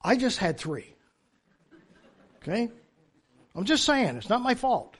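An older man preaching a sermon in church, telling humorous stories with sudden loud emphasis. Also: extremely high pitch, very animated, takes it slowly, breathy edge.

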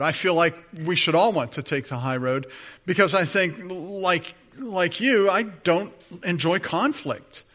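A man's voice: fairly high pitch, a bit bright. A middle-aged male pastor preaching a sermon in an earnest, conversational way, with frequent fillers.

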